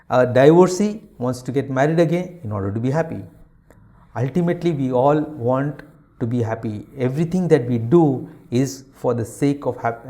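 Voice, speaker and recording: Mellow-voiced monk giving a spiritual talk. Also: male voice, medium pitch. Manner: rhetorical questions answered with a firm no; hesitant fillers and restarts.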